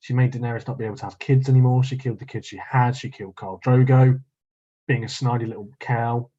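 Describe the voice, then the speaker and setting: A man chats and laughs easily, swearing now and then. His voice is a little husky. The recording sounds dull and lo-fi. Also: medium pitch, steady tone, quick pace, warm tone. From English Midlands. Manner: laughs often, swears casually. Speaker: podcast co-host. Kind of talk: casual chat.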